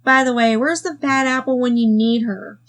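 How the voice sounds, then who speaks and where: A woman's voice: on the high side, fairly even intonation, moderate pace. A woman giving a sarcastic review of a cartoon episode, full of wry asides, with faint music behind. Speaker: video reviewer.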